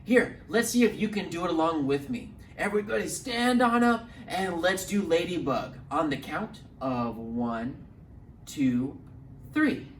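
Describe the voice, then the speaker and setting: A man hosts a children's storytime, his voice swooping up and down with lively encouragement as he takes it slow for the little ones. He sounds a bit distant in a roomy space, with a faint hum underneath. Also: on the high side. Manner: animated, encouraging, speaks slowly to little ones. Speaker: children's librarian.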